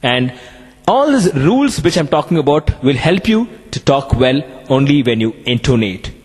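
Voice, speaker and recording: A man with an Indian English accent, giving a classroom lecture on communication skills in an animated way. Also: mid-range voice, moderate pace, husky, in a large hall.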